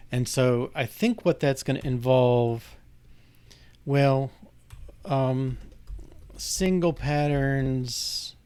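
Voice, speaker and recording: A man's voice: medium pitch, darkish tone. A man working through code on screen, thinking aloud with frequent restarts and fillers. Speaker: programmer demonstrating code. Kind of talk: casual live coding walkthrough.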